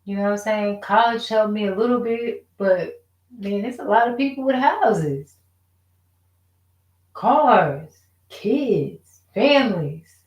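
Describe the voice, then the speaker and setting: A woman vents in a loose, rambling monologue, swearing freely and firing off frustrated rhetorical questions. Her voice sits at a middle pitch and bounces around a reverberant room. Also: takes it slowly. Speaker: vlogger. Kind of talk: casual rant to camera. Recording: echoey room.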